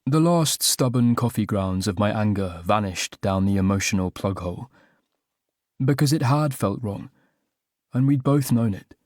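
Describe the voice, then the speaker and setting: A man's voice: on the low side, lively intonation, normal speed, darkish tone, dry recording. Wry male audiobook narrator, dry sound. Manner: wry, self-mocking comic delivery. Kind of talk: first-person audiobook narration.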